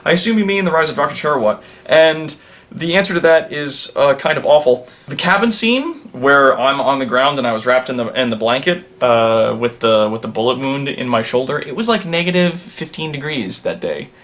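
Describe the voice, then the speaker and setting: A man's voice: medium pitch, expressive, normal speed, a bit bright. A man hosting a comedic vlog in a supervillain persona, answering viewer questions in a casual, rambling way with playful villain bravado.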